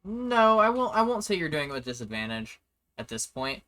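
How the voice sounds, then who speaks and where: A man acting as game master for a tabletop game, explaining the rules in an easygoing, halting way. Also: a little high, very animated, a crowd in the background.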